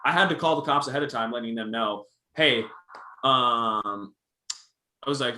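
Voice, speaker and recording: A young man with a bright, forward voice talks through stories frankly and with plenty of swearing. His voice rings a little in a roomy, echoey space as he chats casually with a co-host. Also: mid-range voice, normal speed. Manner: candid, profane, storytelling. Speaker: podcast co-host. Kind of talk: casual chat.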